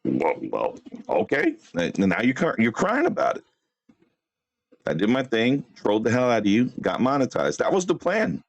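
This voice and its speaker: A man's voice: mid-range voice, huge pitch swings, moderate pace, vocal fry, lo-fi sound. Brash trash-talking male streamer. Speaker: livestream host. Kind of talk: casual livestream chat.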